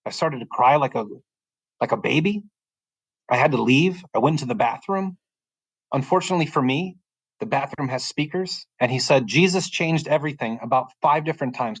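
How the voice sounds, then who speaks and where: A man's voice: mid-range voice, brisk, slightly rough, poor audio. Earnest man sharing his testimony. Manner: earnest, rambling with frequent restarts. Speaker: podcast guest. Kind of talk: personal faith testimony in conversation. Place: bedroom at home.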